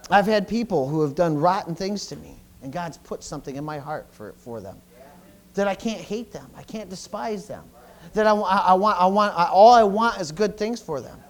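A middle-aged pastor gives a sermon in a voice a bit higher than typical for a man. He trips over and repeats words as he goes, alternating between loud bursts and hushed asides.

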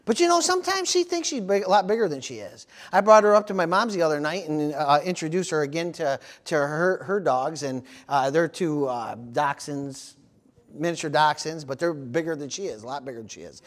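High-voiced man preaching a sermon. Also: fairly quick. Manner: animated storytelling with amens and praise interjections. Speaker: pastor.

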